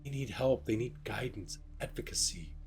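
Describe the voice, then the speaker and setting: A man voicing a calm, measured young nobleman who speaks as a protective older brother in a tabletop game. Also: mid-range voice, faint music behind, voice pushed up, natural voice. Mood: earnest.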